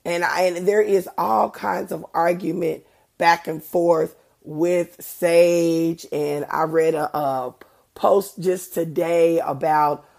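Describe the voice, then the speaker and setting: Speaking slowly with vocal fry, a middle-aged woman delivers a faith podcast monologue in a lowish, slightly mellow voice and fairly even intonation. She is earnest and conversational, leaning on words the way a preacher would, and sounds a bit congested from allergies.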